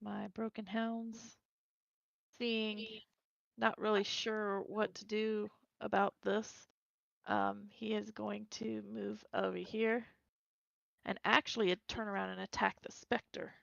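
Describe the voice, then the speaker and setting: A woman's voice: medium pitch, flat delivery, slow pace, creaky, a bit bright, no echo. A woman running a tabletop game as game master, narrating monster moves and laughing easily. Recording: dull lo-fi recording.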